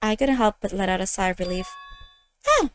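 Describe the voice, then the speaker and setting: A woman's voice: mid-range voice, sing-song, a little fast. A young woman playing a visual novel, reading every character's lines aloud in her own voice, laughing and reacting, with faint game music behind. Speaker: let's play host.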